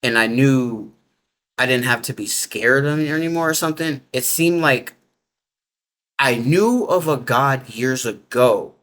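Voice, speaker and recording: This man's voice is medium-pitched, a bit bright, and unhurried. As an interviewee, he loosely narrates his near-death experience in a personal, rambling way, using lots of fillers, restarts, and everyday slang grammar.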